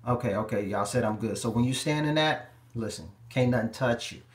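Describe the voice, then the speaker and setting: A man's voice: mid-range voice, brisk, echoey room. A man, a relationship life coach, giving emphatic, repetitive advice straight to his viewers on a live stream.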